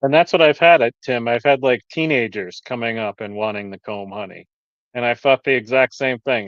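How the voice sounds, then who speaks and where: A man's voice: mid-range voice, brisk, fairly bright tone, no echo. A man who keeps bees and sells honey, chatting casually on a live stream over a video call, explaining his products in detail. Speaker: beekeeper selling honey. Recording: dull lo-fi stream audio.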